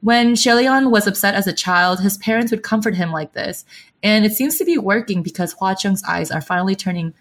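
A woman co-hosting a podcast, recapping a novel in a casual and animated way, reading out characters' lines with dramatic flair. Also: medium pitch, a little fast. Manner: animated storytelling, adds dramatic sound effects. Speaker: podcast co-host.

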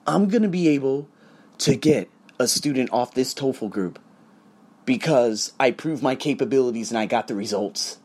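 A man's voice: normal speed, breathy edge. Profane, punchy man telling stories. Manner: animated storytelling with acted-out quotes; profane and punchy, repeats "boom". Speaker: English tutor and podcaster. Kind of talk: casual vlog monologue.

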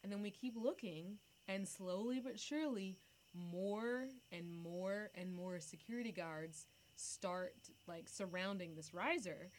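An animated young woman storyteller, chatty and expressive. She shifts between quick asides and loud bursts as she relives the moment. A faint background hiss sits under her voice. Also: medium pitch. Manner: animated, breaks into loud screams when acting out the story. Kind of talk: casual storytelling.

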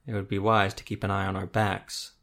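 A man voicing a grizzled male witcher monster hunter who speaks gruffly and tersely, a little lower than his narrating voice. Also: level tone, a little fast, fairly bright tone. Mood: flat.

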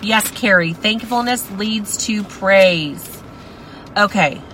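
Woman teaching bible study to ladies, super passionate, slow and bright. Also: medium pitch, slight background noise, poor audio. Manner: passionate, exclamatory.

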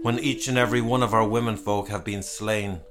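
A man doing a forceful, obsessed town leader. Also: lowish voice, steady tone, fairly quick, a little hiss or hum, close to an everyday voice. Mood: commanding. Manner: forceful, commanding, declamatory. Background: music.

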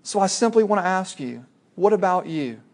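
Man, preacher, sermon, conversational, talks to listeners directly, fairly high voice. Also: lively intonation, normal speed, darkish tone.

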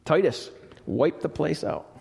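Guy preaching in church, pretty high voice, repeats himself a lot, asks the crowd stuff, long echo in the hall. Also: very animated, unhurried, creaky, a little mellow. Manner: emphatic, repeats key phrases, asks the congregation questions. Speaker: pastor. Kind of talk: sermon. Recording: live church recording with long reverb.

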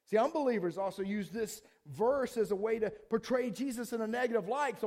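Casual high-voiced man preaching. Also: a little fast, hardly any pauses. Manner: casual, animated, acts out voices of people. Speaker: pastor. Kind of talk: sermon.

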